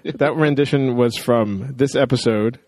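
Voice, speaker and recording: A man's voice: medium pitch, measured pace, a little mellow. A man hosting a casual podcast, joking and talking with many fillers. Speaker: podcast host.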